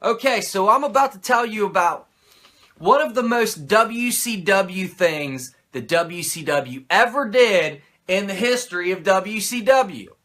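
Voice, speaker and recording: A man's voice: high-pitched, expressive, unhurried, a bit bright. A male host giving a comedic, profane and sarcastic wrestling recap.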